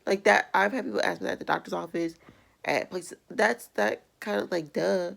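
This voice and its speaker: Gravelly-voiced woman venting to camera. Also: fairly low pitch, moderate pace. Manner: blunt, exasperated, animated. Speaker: vlogger. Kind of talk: casual vlog rant.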